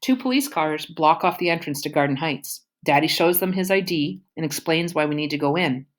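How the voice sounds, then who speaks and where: A woman reads a novel aloud in the first person, casual and youthful in tone. Her voice sits low. The telling is steady audiobook narration. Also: a little fast.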